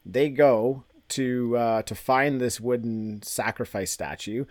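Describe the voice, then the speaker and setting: A man in casual podcast chat, laughing often as he rambles through a story recap. His voice is mid-pitched and recorded dry and close, with no room sound. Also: slow pace, no echo. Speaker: podcast co-host.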